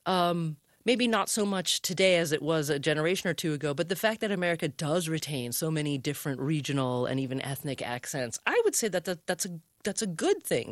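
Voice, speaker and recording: Woman host, lowish voice, conversational, thoughtful, dry sound. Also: lively intonation, brisk, hardly any pauses, no echo. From Oregon, US West. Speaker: radio host. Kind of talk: interview hosting.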